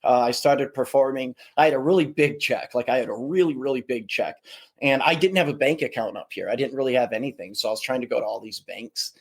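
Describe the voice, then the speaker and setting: A man telling casual stories as a podcast guest, lively and full of voices for the people in them. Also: mid-range voice, fast talker, husky. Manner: animated, does voices of people in his stories. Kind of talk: casual storytelling.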